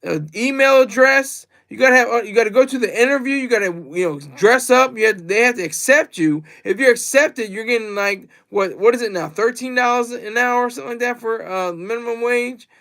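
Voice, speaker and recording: Guy with a really high voice just rambling on his livestream, keeps repeating stuff. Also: brisk, few pauses, a bit bright. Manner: rambling and repetitive, reads chat aloud. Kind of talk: casual livestream monologue.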